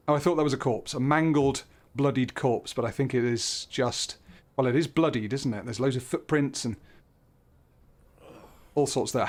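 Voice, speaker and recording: A man talking through a horror game as he plays, joking, jumpy and swearing when something startles him. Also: a little high. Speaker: gaming channel host. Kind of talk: horror game let's play commentary.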